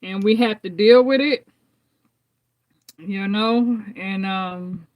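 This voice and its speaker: A woman hosts a tarot live stream in an unhurried, drawn-out way. She talks to her viewers in a heartfelt, casual tone, laughs often and circles back over the same phrases. Her voice sits in an ordinary middle pitch. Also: darkish tone. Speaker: tarot reader hosting a live channel.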